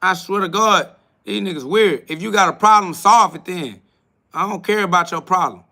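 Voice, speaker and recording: A man hosting a livestream, ranting at his chat in a blunt, confrontational and profane way, swinging between loud outbursts and low mutters. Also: moderate pace. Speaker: livestream host. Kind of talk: casual livestream rant to chat.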